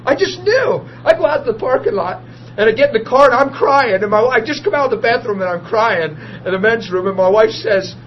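On a dull, lo-fi recording with steady noise in the background, a man shares his testimony preacher-style, brisk and with few pauses. His voice is high for a man, and he moves emotionally from quiet murmurs up to loud, tearful laughter.

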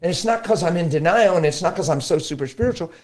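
A middle-aged man, a pastor, talking about faith in a lively conversational preaching style, acting out quotes as he tells stories. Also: on the high side, fast. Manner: animated storytelling, acts out quotes. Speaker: pastor guest.

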